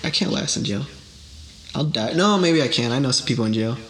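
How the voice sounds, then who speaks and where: Young man, podcast co-host, self-mocking jokes, swearing, loud crowd behind. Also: mid-range voice, animated, brisk. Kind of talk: casual chat.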